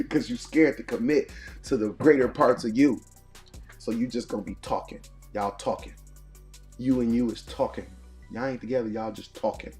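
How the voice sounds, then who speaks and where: With soft music behind him, a man with a darkish, mid-range voice hosts a morning motivation show in a sing-song, slightly slow manner, leaving long pauses. His motivational preaching comes in punchy, repeated, call-and-response lines.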